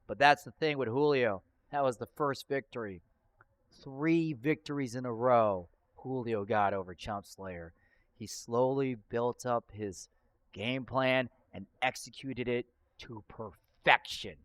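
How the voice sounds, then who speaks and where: A man giving play-by-play commentary at a fighting game tournament, getting excited and shouting at big moments. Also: medium pitch, no echo. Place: gaming venue. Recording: music clearly underneath. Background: music.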